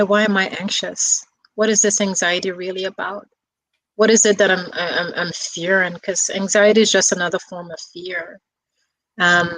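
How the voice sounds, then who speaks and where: A woman guest speaking in a soft, reflective way, talking casually with a few restarts and fillers. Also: mid-range voice, no echo, rough recording. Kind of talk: casual conversation.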